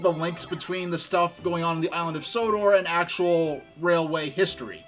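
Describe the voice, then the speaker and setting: A man's voice: high voice, a bit bright. A man from New York streaming a game, chatting casually and telling rambling, enthusiastic stories. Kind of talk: casual gaming stream chat.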